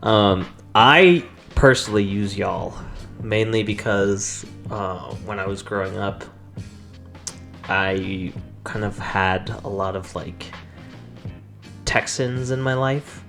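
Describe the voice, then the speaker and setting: A man's voice: on the low side, slow pace, vocal fry, a bit bright, soft background music. A young man co-hosting a podcast in loose, slangy casual chat, laughing as he talks. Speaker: podcast co-host.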